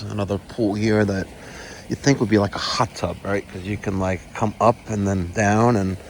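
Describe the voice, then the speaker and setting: A man's voice: fairly low pitch, slight background noise. A middle-aged man vlogging casually while walking around a resort, chatting to viewers and sometimes dropping to a whisper. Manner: chatty, addresses viewers as folks, drops to a whisper at times. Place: outdoors at a resort with pools.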